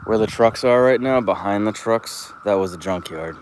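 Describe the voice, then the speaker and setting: This is a casual walk-and-talk: a vlogger in his thirties wanders outdoors around an open lot, cursing and spinning rambling stories. His voice is on the low side at a normal speed, with a slight hiss or hum present.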